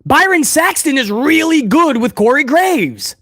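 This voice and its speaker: A man's voice: very high-pitched, sing-song, a little slow, fairly bright tone, dry recording, clean studio sound. A man hosting a wrestling news channel, talking casually and bluntly to his viewers and calling them guys. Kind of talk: casual opinionated commentary to viewers.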